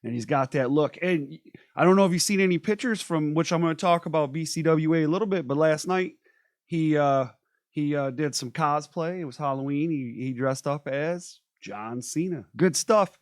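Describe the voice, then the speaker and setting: A man hosts a live stream in loose, energetic chat, calling out viewers one after another. His voice sits a touch higher than most men's. The sound is dry and close. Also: moderate pace, dry recording. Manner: energetic, chatty, shouting out viewers. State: feeling unwell. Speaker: host.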